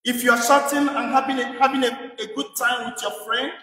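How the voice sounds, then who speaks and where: A priest delivers a sermon in a high, bright voice, pressing his point with repeated rhetorical questions. He sounds distant from the mic, and the church carries a long, echoing reverb. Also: fairly even intonation, brisk. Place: church in England.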